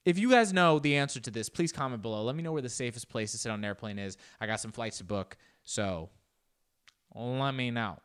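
A man talks through a news clip in loose, casual commentary. His pitch swoops up and down as he jokes and slips into exaggerated squeaky voices. He speaks at a middle pitch for a man. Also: brisk, smooth. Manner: animated, joking, jumps into exaggerated high-pitched voices. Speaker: reaction video host.

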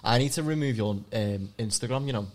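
A man's voice: medium pitch, brisk. A man, a comedian guest on a podcast, telling loose, self-deprecating stories. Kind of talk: casual comedy podcast chat.

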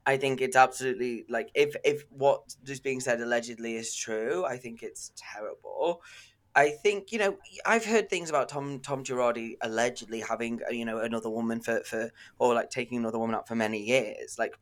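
Guy on a podcast, bright ringing voice, chatty and gossipy, laughs a lot. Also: medium pitch. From Manchester, England. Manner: animated, gossipy, quick to laugh. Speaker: podcast guest. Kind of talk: casual chat.

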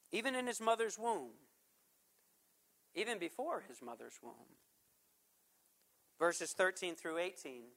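A man preaching a sermon in an earnest manner, rising for emphasis and dropping to a hushed tone. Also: sits high. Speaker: pastor.

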